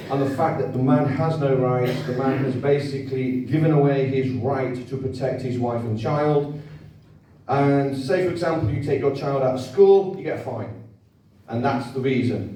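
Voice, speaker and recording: A man speaks at a public event and keeps checking in with the audience. His voice is mellow and middle-pitched. He sounds distant from the mic, and the hall around him is very echoey. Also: a little hiss or hum. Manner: conversational, repetitive, asks the audience for agreement. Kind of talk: informal lecture to an audience.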